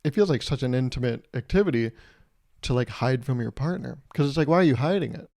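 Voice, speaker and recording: A man in his twenties hosts a solo podcast, rambling, joking and swearing casually into his podcast microphone. His medium-pitched voice is expressive, creaky and dark in tone, moving at a quick pace.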